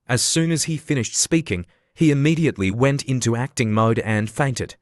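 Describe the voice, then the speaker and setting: A man narrating a scripted story recap in an even, steady reading. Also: medium pitch, normal speed, few pauses, no room sound, studio quality.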